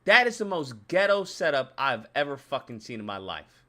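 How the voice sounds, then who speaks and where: A man giving ranting video commentary, profane and animated, repeating his points for emphasis. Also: mid-range voice, normal speed. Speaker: YouTube commentator.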